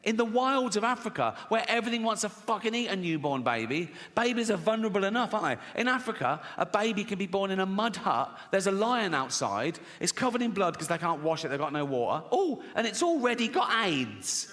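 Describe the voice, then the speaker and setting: Sweary English stand-up comedian, echoey hall. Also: male voice, high-pitched, big pitch swings, brisk, hardly any pauses, a bit bright. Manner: provocative, sweary, conversational. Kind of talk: stand-up routine. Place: large live venue. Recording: echoey hall with audience noise.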